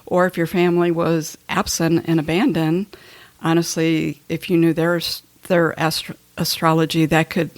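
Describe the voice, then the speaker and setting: Woman podcast host, low-pitched, casual and self-deprecating, recorded dry. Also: flat delivery, normal speed, no echo. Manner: chatty, self-mocking, laughs while talking. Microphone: headphones and mic.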